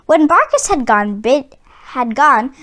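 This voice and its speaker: A woman reading a picture book aloud for children, taking her time over each line. Her voice is high, bright and animated. She narrates with gentle, expressive storybook pacing. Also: takes it slowly. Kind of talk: read-aloud storytelling for kids.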